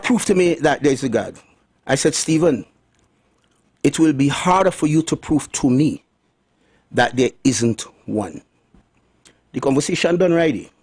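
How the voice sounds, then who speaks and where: A middle-aged man with a lilt holds forth on the radio, his voice high and husky. He swings widely up and down as he preaches, hammering points home by saying them twice and dropping folksy asides. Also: darkish tone. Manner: emphatic, repeats lines for stress, folksy asides. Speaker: radio talk host. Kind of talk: preachy radio monologue on health.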